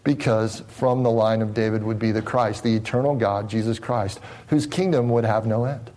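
A man's voice: fairly low pitch, steady tone, moderate pace, a little mellow, rough recording. Man preaching a teaching sermon. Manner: explanatory, asks listeners rhetorical questions. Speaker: pastor.

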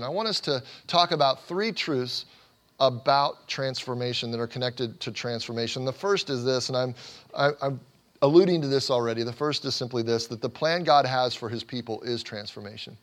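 An earnest male pastor delivering a sermon in an ordinary mid-range voice. He drives his points home with repeated phrases and often restarts a word before pressing on. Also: medium pitch. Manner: earnest, emphatic repetition with frequent restarts.

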